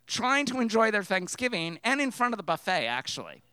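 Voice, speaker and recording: A man telling a personal story to a live theater audience, animated and excitable, jumping between loud outbursts and hushed asides. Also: high voice, normal speed, no echo.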